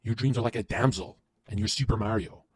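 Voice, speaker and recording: A man guesting on a podcast, delivering an intense, profane motivational rant that swings from loud to hushed. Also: lowish voice, fairly quick, husky.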